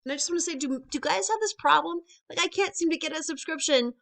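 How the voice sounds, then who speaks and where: A woman's voice: high-pitched, quick pace, vocal fry, a bit bright. A young woman doing conversational stand-up comedy, chatty with lots of filler words and rising asides to the crowd.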